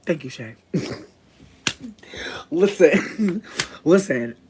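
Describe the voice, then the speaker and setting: A woman chatting casually with her livestream viewers, cursing constantly and jumping into high squeals. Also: expressive, moderate pace, background noise.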